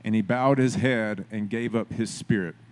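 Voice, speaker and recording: A man's voice: lowish voice, steady tone, normal speed, a little mellow. A man preaching a sermon in a conversational way, building to emphatic, repeated phrases. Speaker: pastor.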